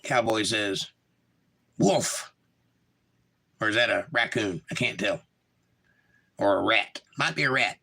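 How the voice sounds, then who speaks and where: This livestream host from Georgia, USA, speaks with a Southern drawl and a gravelly edge, his pitch fairly low and his pace moderate. He chats easily with viewers, reading their messages aloud and replying in a laid-back way, his tone bright and forward throughout. The audio quality is poor.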